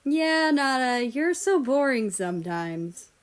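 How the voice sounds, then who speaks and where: A woman's voice: sits high, big pitch swings, slow pace, voice pushed up, exaggerated voice. A woman voicing a playful young man who teases his family in an upbeat way.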